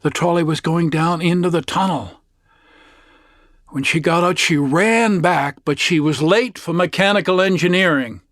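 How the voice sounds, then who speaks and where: A man telling a story aloud, animated and shifting voices for his characters. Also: on the high side, normal speed, no echo, studio quality. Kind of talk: oral storytelling performance.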